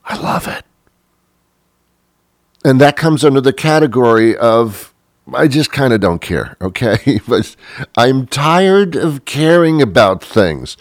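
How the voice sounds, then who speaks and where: A man's voice: medium pitch, big pitch swings, a little slow, dry recording, clean studio sound. A middle-aged man hosting a show, delivering a wry, rambling comic monologue with mock-biblical asides. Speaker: show host.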